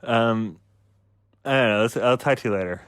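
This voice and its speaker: A man's voice: mid-range voice, moderate pace, a bit bright, smooth, no room sound. A man co-hosting a podcast, hedging with lots of "like" and "um" and a dry sense of humor. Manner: hesitant, full of likes and ums, dry humor. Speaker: podcast co-host. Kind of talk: casual banter.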